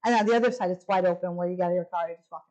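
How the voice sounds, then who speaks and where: A woman's voice: rapid-fire, rough recording. A middle-aged woman giving a personal testimony at a church women's retreat, animatedly acting out the quoted lines. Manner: animated, acts out quoted lines with big pitch jumps.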